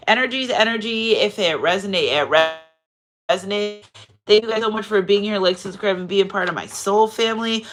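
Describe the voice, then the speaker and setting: A woman's voice: medium pitch, a little fast. A woman giving a casual spiritual card reading to her viewers. She talks in a chatty, digressive way, often asks "you know what I'm saying," and turns effusive and emotional when thanking them. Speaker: tarot card reader and channel host.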